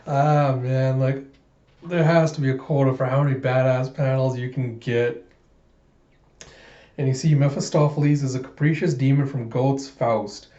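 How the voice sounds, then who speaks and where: A man hosting a comic book readthrough, retelling the story in an animated, laughing way. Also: mid-range voice, normal speed. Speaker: channel host. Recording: muffled echoey room.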